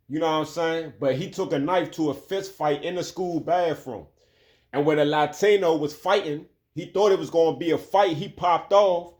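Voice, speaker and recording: A man giving a heated, profane opinion rant as a commentary host. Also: a little high.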